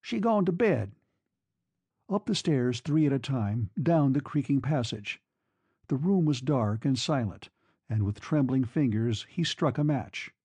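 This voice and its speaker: A man narrating a classic novel in a steady, measured reading. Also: mid-range voice, husky, no echo. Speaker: audiobook narrator. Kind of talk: scripted narration.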